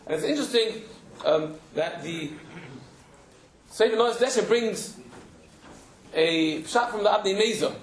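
A man's voice: sits high, animated, measured pace, long pauses. A man teaching a Talmud class who explains emphatically and repeats words while he searches for the phrasing. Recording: roomy echo.

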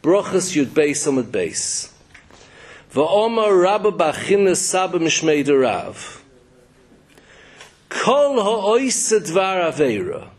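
A man's voice: high voice, very animated, slow, slightly rough. A man giving a Torah sermon in an emphatic, storytelling way. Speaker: rabbi.

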